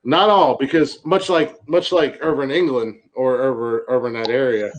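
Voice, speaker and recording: A man from Ohio with an Ohio accent, hosting a podcast in crude, casual banter, loud, laughing and swearing freely. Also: mid-range voice, steady tone, normal speed, rough recording. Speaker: podcast host.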